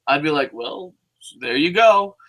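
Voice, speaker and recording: A man's voice: a little high, expressive, unhurried, fairly bright tone. A man co-hosting a casual chat show, ranting with heavy profanity. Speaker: podcast co-host.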